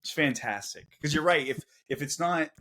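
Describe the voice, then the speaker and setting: A man co-hosting a podcast, excitedly retelling movie scenes in casual chat. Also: a little high, normal speed. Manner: excited, acts out quotes in raised voices. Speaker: podcast co-host.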